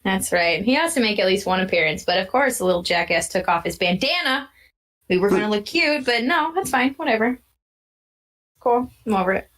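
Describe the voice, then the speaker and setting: A woman co-hosting a podcast in casual chat, talkative and quick to laugh, getting loud and animated when she quotes people. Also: medium pitch. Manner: chatty, laughs often, animated when quoting others. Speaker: podcast co-host.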